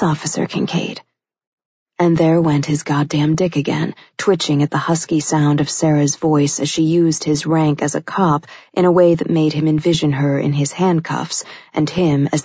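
Low, dark-voiced woman narrator. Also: slightly rough, no echo. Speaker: audiobook narrator. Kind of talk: scripted audiobook narration. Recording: dull lo-fi recording.

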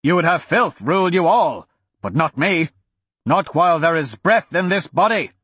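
A man's voice: a little high, expressive, moderate pace, a bit bright, slightly rough, no room sound, voice pushed up. A man reading an audiobook, voicing a furious, hateful archduke who bellows with contempt. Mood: raging. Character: raging, hateful middle-aged archduke villain.

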